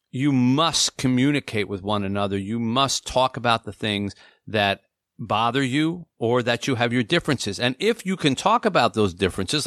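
A middle-aged man co-hosting a talk show, giving marriage advice in an earnest, emphatic way. He slows down and leans on his key points. His voice sits at an ordinary pitch and is recorded dry and close, with no room sound. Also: a bit bright, no echo. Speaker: co-host.

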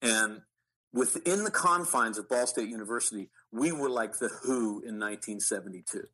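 A middle-aged man talks as a guest, telling stories from his acting past with eager restarts. His voice sits a little low, bright and forward in tone, with a husky grain. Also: normal speed, rough recording. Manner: animated anecdotes with frequent restarts. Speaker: actor guest. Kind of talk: storytelling interview.

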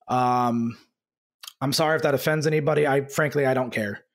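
A man hosting a basketball podcast, talking in an angry, halting way with many fillers and restarts. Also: mid-range voice, steady tone, creaky. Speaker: podcast host. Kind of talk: casual podcast talk.

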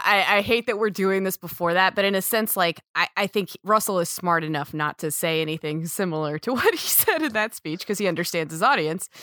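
A woman sports reporter talking as a podcast guest, chatty and animated, laughing often. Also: fairly low pitch, no echo, studio quality. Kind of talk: casual podcast conversation.

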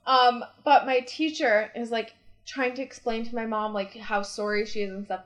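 A woman's voice: a little high, normal speed. A young woman telling family stories in casual chat, laughing often and acting out the quotes. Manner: animated storyteller, laughs often, acts out quotes.

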